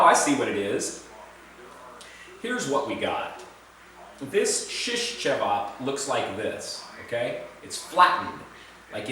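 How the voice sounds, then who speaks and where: Indoors in a spacious room in Serbia, a man chats casually for his food vlog, poking fun at himself as he rambles. His mid-range voice is a bit bright and sounds distant, echoing since he's away from the mic.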